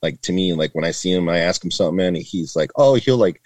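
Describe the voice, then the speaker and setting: Low-voiced retired man telling stories. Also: lively intonation, quick pace, a little mellow, no room sound. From Northern California. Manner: chatty, heavy with "like" and "man", acts out quoted voices. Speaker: podcast guest, retired border agent. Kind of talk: casual interview storytelling.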